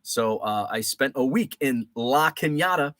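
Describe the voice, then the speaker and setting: A man hosts a casual live stream and chats with viewers in a loose, rambling way, full of fillers and false starts. His voice sits at an ordinary middle pitch. The recording is dry and close, with almost no room sound. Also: animated, unhurried, a bit bright, dry recording. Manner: rambling, many fillers and restarts.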